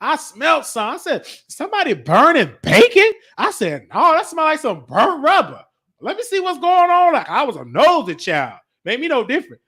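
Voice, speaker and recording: High, animated storyteller man. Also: normal speed. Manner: animated, excitable, talks back to the listener. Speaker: show host telling a childhood story. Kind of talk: comedic storytelling monologue.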